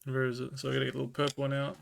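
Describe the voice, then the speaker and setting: An Australian man livestreaming, chatting casually with viewers and slowly reading old scripture aloud. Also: mid-range voice, monotone, vocal fry, slight background noise. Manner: laid-back, chatty, reads old scripture slowly and carefully.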